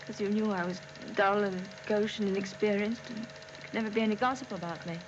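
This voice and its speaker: An actress playing a shy, naive young English bride in a 1940s film drama, hesitant and apologetic, often stammering. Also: female voice, mid-range voice, fairly even intonation, quick pace, close to an everyday voice. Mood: anxious. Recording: dull, hissy old film soundtrack.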